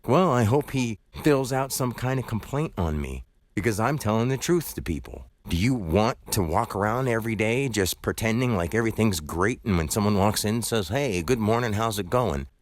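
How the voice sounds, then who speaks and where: A shop worker recounting a run-in with a customer in an argumentative, ranting way. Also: male voice, lowish voice, lively intonation, moderate pace, no room sound. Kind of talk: recounting a story to camera.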